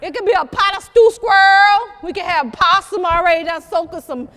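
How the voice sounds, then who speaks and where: A storyteller from South Carolina with a very high voice tells stories live to an audience in a museum program room, speaking at normal speed. She's lively and teasing, addressing the crowd directly, and the sound carries a big-room quality.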